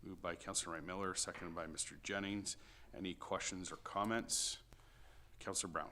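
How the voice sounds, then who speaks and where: A man chairing a city planning committee meeting, reading motions and calling votes in a brisk procedural way. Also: low voice, steady tone, pushed and bright, a little hiss or hum.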